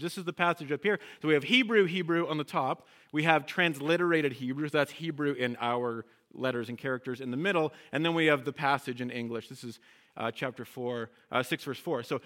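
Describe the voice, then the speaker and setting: A man's voice: fairly high pitch, bright, forceful tone. A man, a guest Hebrew teacher, leading a congregation through a lesson with call and response and checking in often with "okay?" and "right?".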